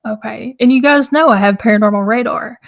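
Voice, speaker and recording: A young woman with a somewhat high voice chats casually to her live-stream viewers. Her throat is hoarse and scratchy, so the words come out rough. She rambles loosely and greets people in the chat. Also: fast talker. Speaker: livestream host.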